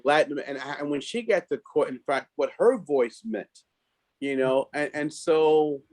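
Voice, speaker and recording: A man, a district leader, answering interview questions in a thoughtful, halting way full of fillers, troubled by allergies. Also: fairly high pitch, a little mellow. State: coughing from allergies.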